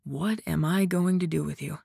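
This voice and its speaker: A woman voicing a teasing young male warrior in a low, soft murmur. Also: measured pace, no echo, studio quality. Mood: tender.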